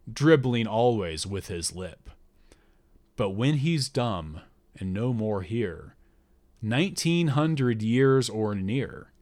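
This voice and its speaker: A man voicing a young female prophetess who chants verses slowly and solemnly in the voice of a god, in an audiobook. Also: on the low side, no echo. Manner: slow, solemn incantation.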